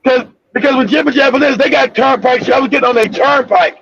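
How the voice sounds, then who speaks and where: A man with a very high, gravelly voice hosts a casual talk show, spinning profane, rambling anecdotes that break into shouts. The audio is dull and lo-fi, with a faint hiss underneath. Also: fast talker. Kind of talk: casual storytelling chat.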